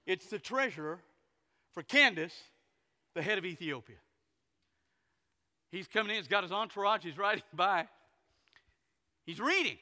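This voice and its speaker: A pastor preaching a sermon, telling stories folksily and acting out the characters. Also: male voice, high voice, animated, normal speed, pauses often, sharp tone. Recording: long hall reverb.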